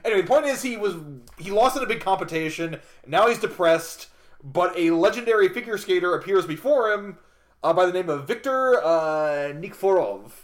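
A man's voice: sits high, lively intonation, a little fast. A man co-hosting a casual podcast chat, rambling and self-deprecating, with plenty of fillers and restarts. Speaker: podcast co-host.

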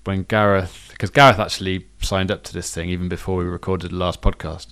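A man's voice: low-pitched, little pitch movement, a little fast, a bit bright. A man co-hosting a podcast in casual chat, rambling and correcting himself as he goes. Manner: rambling, self-correcting, chatty. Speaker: podcast co-host.

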